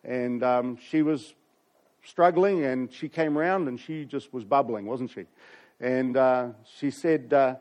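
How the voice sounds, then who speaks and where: A man's voice: medium pitch, takes it slowly, a little mellow. A pastor, preaching a sermon and telling a story with asides to his congregation.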